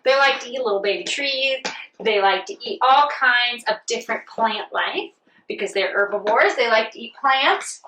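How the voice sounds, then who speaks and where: Bright, lively woman leading kids' yoga. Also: fairly high pitch, normal speed, reverberant, far from the mic, slight background noise, rough recording. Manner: animated, sing-song, talks to a child. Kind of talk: playful children's yoga lesson. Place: outdoors on a farm.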